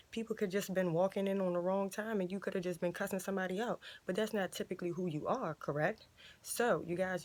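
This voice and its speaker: A woman's voice: on the low side, darkish tone. A woman in her twenties hosting a ministry video, preaching casually to the camera in a conversational, emphatic way and repeating points for stress. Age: 20s.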